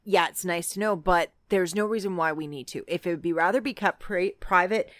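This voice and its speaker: An earnest woman co-hosting a casual true-crime podcast. Her voice is slightly low, and she often repeats words as she starts a thought. The sound is close and dry. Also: a little fast, a bit bright, no echo. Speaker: podcast co-host.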